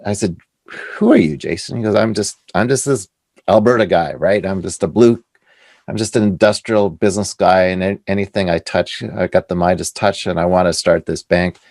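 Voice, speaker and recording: A middle-aged man from Canada with a very low, gravelly voice, recorded close and dry. He tells his stories with animation, slipping into the voices of the people he quotes as an interview guest. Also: normal speed, a little mellow, dry recording. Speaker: author and guest. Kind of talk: casual storytelling interview.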